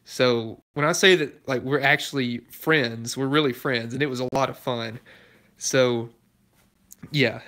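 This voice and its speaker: A man's voice: mid-range voice, a little slow, sharp tone. A young man hosting his own car channel, chatting casually with viewers, easygoing and laughing often. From Alabama, US. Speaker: YouTube car channel host. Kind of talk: casual chat answering live viewer comments.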